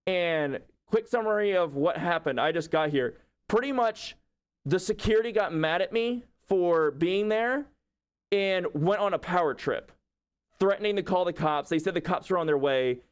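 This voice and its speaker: Male streamer, casual storyteller, a bit high-pitched, filler-heavy and animated. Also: normal speed, smooth. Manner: rambling, lots of "like" and restarts; animated retelling, acting out quotes. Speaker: livestreamer.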